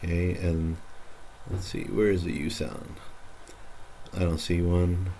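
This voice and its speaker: A man's voice: low voice, little pitch movement, takes it slowly, dark tone, slight background noise. A man teaching Spanish pronunciation in a recorded lesson, patiently repeating each word for practice.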